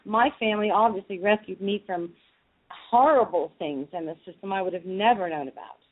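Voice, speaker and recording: A woman's voice: medium pitch, fairly quick. A woman speaking as a guest on a call-in show, earnest and talking in loose runs of thought. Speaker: guest, advocacy group director. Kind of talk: casual call-in chat. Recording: phone-line sound.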